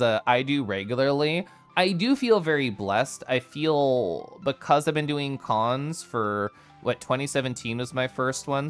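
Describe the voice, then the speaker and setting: A young man from the United States, an energetic streamer chatting casually with his viewers and answering chat, with frequent laughs and asides. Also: mid-range voice, clean tone. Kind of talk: casual live-stream chat, reading chat aloud.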